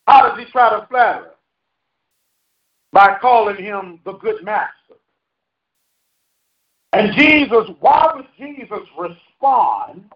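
A high-voiced male pastor preaches in a folksy, joking way and keeps quizzing his congregation. His voice is caught from some distance in a roomy hall, and the sound is dull. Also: expressive, slow, pauses often. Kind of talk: preaching a sermon. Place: church hall. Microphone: handheld microphone.

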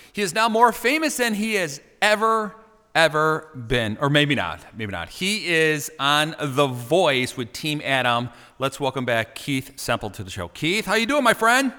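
A man hosting a talk show, teasing his guest in a playful, animated way. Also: a little high, normal speed, clear, resonant tone, long reverb tail. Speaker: radio show host.

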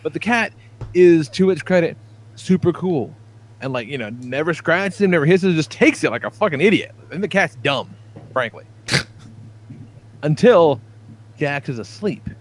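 A man's voice: fairly high pitch, animated, unhurried, long pauses. Rambling, profane man on a podcast. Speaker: podcast co-host. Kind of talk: casual podcast chat.

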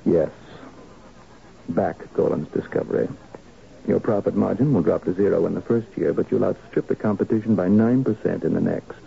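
An actor in a 1970s radio drama playing a calm, matter-of-fact man who gives business advice. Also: low voice, normal speed, creaky. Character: calm, detached male oracle businessman. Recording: dull old radio broadcast with faint hiss.

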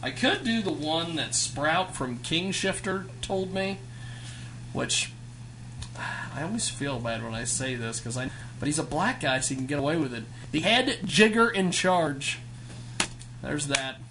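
A man's voice: a little high, a little slow, noisy background. A man hosting a casual radio show, joking and swearing casually as he introduces his guests. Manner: animated, jokey, swears casually.

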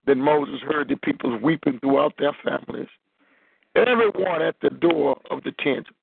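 A man's voice: fairly high pitch, moderate pace, vocal fry, breathy edge, dry recording. A man preaching as a minister, reading and expounding scripture over a phone line.

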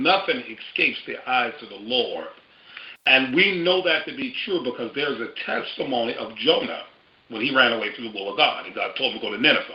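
A man preaching a sermon on a church call, steady and putting questions to his listeners. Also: mid-range voice. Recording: roomy, muffled lo-fi audio.

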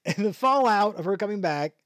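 A man's voice: high-pitched, animated, measured pace, fairly bright tone, no echo, studio quality. Rambling man hosting a review podcast. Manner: rambling, many restarts, frequent chuckles. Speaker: podcast host. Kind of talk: casual review chat.

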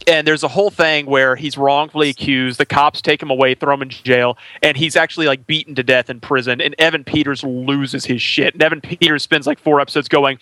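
A man's voice: mid-range voice, fairly even intonation, fairly quick, hardly any pauses, bright, forceful tone, no echo. A man co-hosting a podcast, rambling through stories in casual banter. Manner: rambling storyteller, jokey. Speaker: podcast co-host. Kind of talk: casual chat.

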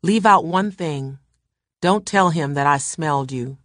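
A woman reading the lines of a calm, provoking young man in a novel, quiet and blunt. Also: deep voice, a little slow, no room sound, studio quality.

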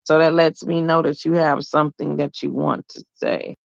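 A man hosting a call-in show, animated and laughing, hyping up his callers with slang. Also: fairly high pitch, moderate pace, gravelly, no room sound. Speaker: radio show host. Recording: dull lo-fi audio.

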